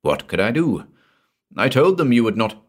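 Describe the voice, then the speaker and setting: A man's voice: medium pitch, big pitch swings, normal speed, pitched above the performer's own voice. A man reading the part of a frightened young village man who pleads anxiously. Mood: fearful pleading.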